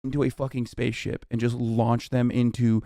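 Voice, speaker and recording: A man's voice: medium pitch, level tone, normal speed, dark tone, no echo, studio quality. A man streaming to his chat, ranting angrily about politics with lots of swearing and sarcasm. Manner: profane, heated, sarcastic. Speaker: streamer reacting to news. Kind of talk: angry political rant to chat.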